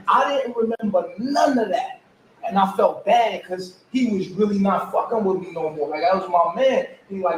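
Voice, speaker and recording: Man, higher voice, loud, profane storyteller, far from the mic in an echoey room. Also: normal speed, a little hiss or hum. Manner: profane, storytelling, laughing, animated quoting. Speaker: commentary host. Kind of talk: casual reaction talk.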